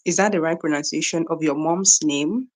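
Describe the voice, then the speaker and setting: A young Nigerian woman with a low-pitched voice hosts a casual morning livestream at a normal pace. She greets viewers by name and often repeats herself while chatting with them.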